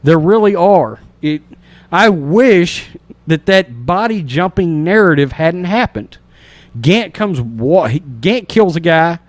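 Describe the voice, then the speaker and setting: Guy on a horror podcast, kinda high voice, super animated, dry close mic. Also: no echo. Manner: animated storyteller, imitates sounds and acts out reactions. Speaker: podcast host. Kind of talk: casual movie review podcast.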